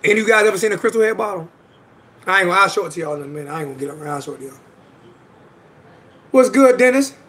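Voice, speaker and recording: Brief: high-pitched adult man, livestream host, emphatic and repetitive, casual slangy delivery. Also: lively intonation, very fast, long pauses, fairly bright tone, a little hiss or hum. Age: adult with children. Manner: emphatic, repeats himself, slangy.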